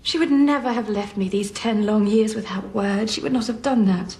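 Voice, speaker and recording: An actress playing an earnest, principled young gentlewoman in a period drama, speaking formally and with feeling. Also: medium pitch, normal speed, close to an everyday voice. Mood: impassioned. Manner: formal, impassioned speech. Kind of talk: period television drama acting.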